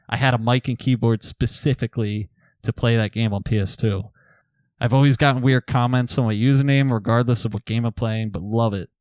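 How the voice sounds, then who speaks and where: A man with a mid-range voice relaxes into storytelling with friends on a podcast, reading out old messages and laughing as he goes. The recording has no echo.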